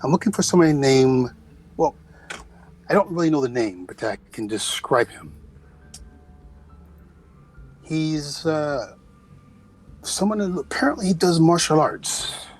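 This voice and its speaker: A man's voice: fairly high pitch, animated, moderate pace, soft background music, voice pushed up. A man voicing a composed, noble-born male traveler, speaking formally and courteously in a put-on accent. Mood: searching.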